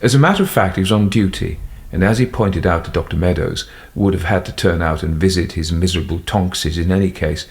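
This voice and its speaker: A man narrating a classic detective story in a measured storytelling manner. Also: low-pitched. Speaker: audiobook narrator. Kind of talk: scripted narration.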